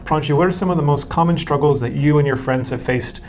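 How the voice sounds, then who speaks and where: A man's voice: fairly high pitch, fast, a little mellow, slight background noise. A man hosting an interview in an upbeat, encouraging way. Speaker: host.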